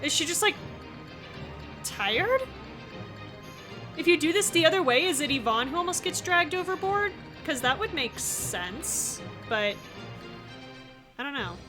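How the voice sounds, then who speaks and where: A woman streaming a visual novel playthrough, reacting out loud in an excitable, exclamatory way and swearing freely. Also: high-pitched, measured pace, long pauses. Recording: faint game music behind.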